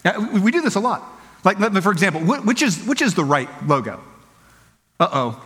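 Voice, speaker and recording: Pastor guy with a high voice, chatty joking sermon, big reverby church hall. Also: big pitch swings, a bit bright. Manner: conversational, playful, acts out quick quoted voices. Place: church auditorium.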